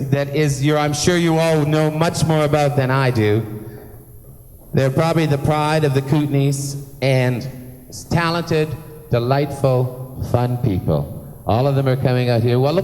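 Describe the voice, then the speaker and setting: A man's voice: fairly high pitch, lively intonation, moderate pace, a little mellow. A man working as master of ceremonies at a live benefit concert, chatty and gushing, teasing himself and throwing in playful swearing. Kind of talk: live stage emceeing. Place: large theatre stage. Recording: long theatre reverb, faint background noise.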